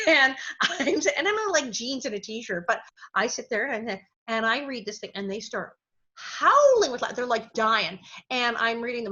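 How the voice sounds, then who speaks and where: A middle-aged woman, a former child actress, telling lively stories as an interview guest and acting out the people she quotes. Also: on the high side, moderate pace. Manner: animated storyteller, acts out quotes with big laughs. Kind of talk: casual storytelling interview. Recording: dull lo-fi audio.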